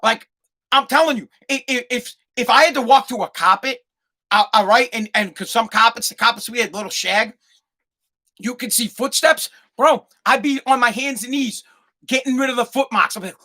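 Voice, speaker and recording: A middle-aged American man hosting a podcast, telling comedic stories in an animated, heavily profane way. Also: very high voice, moderate pace. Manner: animated and profane, swears constantly. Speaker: podcast host.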